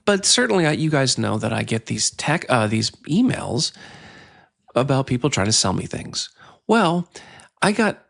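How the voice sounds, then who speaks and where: Podcast host, male, mid-pitched with a gravelly edge, chatty and playful storyteller. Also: very animated, normal speed, a bit bright. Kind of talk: casual solo podcast monologue.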